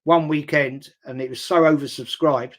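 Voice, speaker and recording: A man's voice: medium pitch, fairly even intonation, normal speed. An older man hosting a casual live chat, rambling bluntly, swearing casually and repeating words for emphasis. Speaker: host. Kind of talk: casual live-stream chat reading viewer comments.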